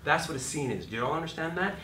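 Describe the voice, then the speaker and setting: A man's voice: a little high, animated, racing, reverberant, noisy background. A man teaching acting to a live class in a hot room. He is blunt and profane, acts out quotes and sings notes.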